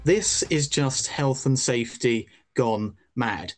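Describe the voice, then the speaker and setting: A man's voice: medium pitch, slow pace, soft background music. A man giving opinionated news commentary, dismissive and argumentative.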